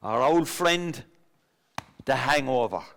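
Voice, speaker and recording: A man acting out a chatty, superstitious Irish pub regular, stammering through his stories. His voice rises and falls in wide, lively swings. The sound carries a long stage reverb. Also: mid-range voice, slow, slight background noise. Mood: teasing. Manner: rambling, stammering storyteller. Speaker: pub regular telling a story. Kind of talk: filmed stage play acting. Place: theatre stage.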